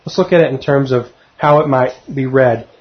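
On a dull lo-fi recording, a middle-aged man with a medium-pitched voice at normal speed teaches through a Bible passage verse by verse. His style is conversational, and he often poses questions to his listeners.

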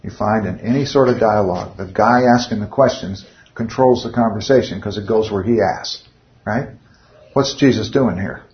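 A man's voice: fairly low pitch, moderate pace, highs cut off. A man leading an informal Bible study, speaking conversationally and often putting rhetorical questions to his listeners.

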